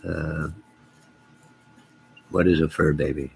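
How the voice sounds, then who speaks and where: A middle-aged man hosting a casual livestream, reading viewer comments aloud, rambling and joking deadpan with sudden loud outbursts. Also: takes it slowly, slight background noise. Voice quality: gravelly, husky low voice.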